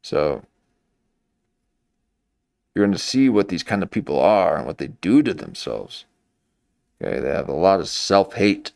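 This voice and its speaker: A man's voice: deep voice, big pitch swings, measured pace, vocal fry, pauses often, a little mellow, dry recording, clean studio sound. A man giving rambling, mocking live-stream commentary into a desk microphone. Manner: mocking, meandering, full of restarts.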